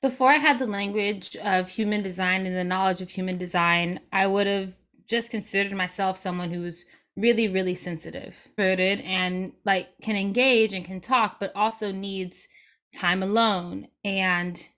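A woman's voice: mid-range voice, fairly even intonation, moderate pace, fairly bright tone. A young adult woman speaking as a guest in a casual interview, reflective and open, with light laughs as she talks.

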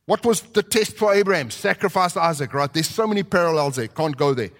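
Brisk and a bit bright, with lively intonation, the high-voiced preacher acts out each character as he vividly narrates the story in his sermon. His words echo with the long reverb of a large hall, like a church sanctuary.

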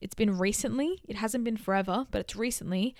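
A woman in her twenties hosting a casual solo podcast. She talks in an animated, chatty way with emphatic bursts. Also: mid-range voice, a little fast, no room sound, studio quality. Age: 20s. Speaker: podcast host.

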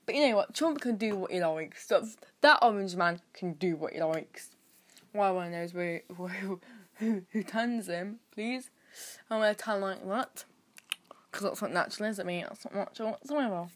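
A British teenage girl hosting her own podcast, rambling and sarcastic, with sudden jumps in loudness. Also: medium pitch, normal speed. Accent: British English. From Britain. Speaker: podcast host. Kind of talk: casual solo podcast chat.

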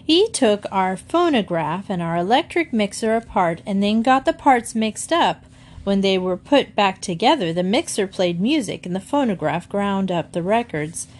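A woman's voice: mid-range voice, expressive, moderate pace, close to an everyday voice. Woman reading as chatty mom of eight, breezy, cheerful, storybook reading.

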